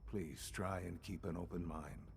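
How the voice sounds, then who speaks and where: An actor playing a calm elderly male scientist leader in a game, speaking in a measured, formal way. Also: deep voice, gravelly, breathy edge, full character voice. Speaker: game character. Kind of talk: game dialogue.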